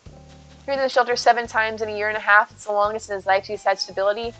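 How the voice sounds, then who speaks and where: A woman's voice: mid-range voice, steady tone, quick pace, pushed and bright, faint music behind. A woman streamer chatting casually with her viewers while playing, talking sweetly about her cat. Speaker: live streamer. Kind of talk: casual live-stream chat while gaming.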